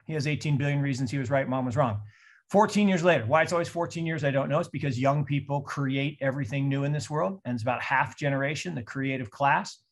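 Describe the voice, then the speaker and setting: A man in his sixties from Seattle, giving an animated talk on a call and telling stories in mock voices. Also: medium pitch, fast. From Seattle, USA. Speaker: investor speaker. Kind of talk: presentation on a call.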